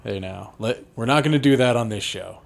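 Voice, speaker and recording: A man's voice: mid-range voice, creaky. A man hosting a podcast, playful and full of joking questions. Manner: playful, questioning, quick with jokes. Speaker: podcast host. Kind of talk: casual chat.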